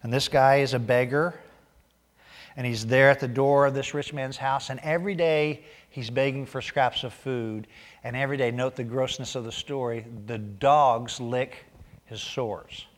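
A man preaching a sermon, reading scripture aloud and growing loud and emphatic as he drives points home. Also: medium pitch, fairly even intonation, moderate pace, long reverb tail. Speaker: pastor.

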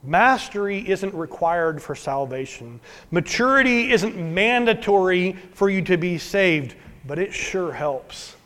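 A man preaching a sermon as pastor, earnest, swinging from emphatic to hushed. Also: sits high, expressive, a little slow. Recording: long hall reverb.

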